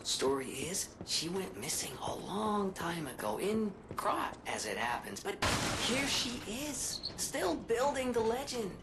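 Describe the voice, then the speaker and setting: Young woman companion in a game, emphatic, lively storytelling voice. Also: mid-range voice, unhurried, heavy background noise. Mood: awed. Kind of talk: video game voice acting. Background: game music.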